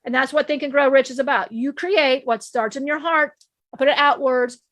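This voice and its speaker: A woman channels an ancient, divine male being in a high voice, delivering a spiritual lesson with earnest emphasis. He preaches in fairly even intonation at a moderate pace, repeatedly restarting and circling back to the same point. The recording is dry, close and a bit bright.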